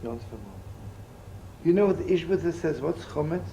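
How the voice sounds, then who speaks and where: An older man, a rabbi, teaching in an animated, chatty sermon full of stories and jokes, using Yiddish and Hebrew terms. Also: on the high side, fairly quick, gravelly, highs cut off, slight background noise.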